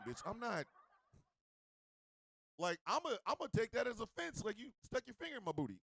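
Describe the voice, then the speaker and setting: A man with a high, gravelly voice rants as a comedy radio host, his pitch swinging wildly from squeals to low grumbles. His delivery is profane, rambling and animated, and the sound is close and dry. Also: fairly quick, long pauses, dry recording. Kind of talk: comedic rant.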